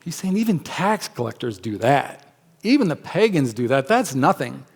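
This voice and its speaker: Emphatic higher-voiced male pastor. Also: very animated, normal speed, gravelly, husky. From United States. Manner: conversational, emphatic preaching with acted-out asides. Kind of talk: sermon. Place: church sanctuary.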